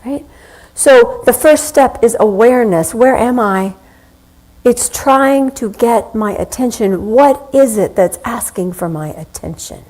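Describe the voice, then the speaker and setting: A woman minister giving a sermon in a conversational, anecdotal way, slowing down with deliberate pauses. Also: fairly high pitch, a little mellow, poor audio.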